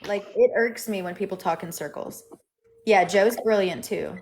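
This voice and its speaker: A woman's voice: mid-range voice, normal speed, darkish tone, slight background noise. A woman chatting casually and enthusiastically on a live stream.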